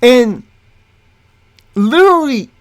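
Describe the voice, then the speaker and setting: A woman's voice: on the high side, lively intonation, slow pace. A woman host ranting angrily through a reaction commentary, profane and exasperated, often stumbling and restarting her words. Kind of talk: angry reaction commentary, reading a document aloud.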